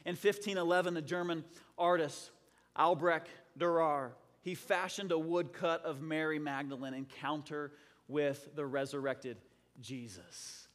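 A man preaching a sermon as a pastor, swinging between loud, impassioned lines and hushed, dramatic ones. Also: a little high, steady tone, measured pace, long reverb tail.

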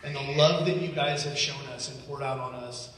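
A man's voice: mid-range voice, steady tone, moderate pace, fairly bright tone, slight background noise. A man giving a heartfelt, grateful testimony to a church congregation, talking earnestly with a chuckle here and there. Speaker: guest speaker thanking a church. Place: large church hall. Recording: echoey church hall from far off.

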